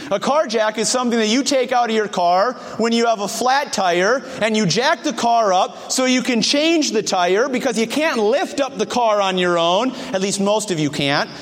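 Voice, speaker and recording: A man's voice: sits high, expressive, moderate pace, few pauses, a bit bright, long reverb tail. A man preaching a sermon to his congregation, asking them questions directly. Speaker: pastor.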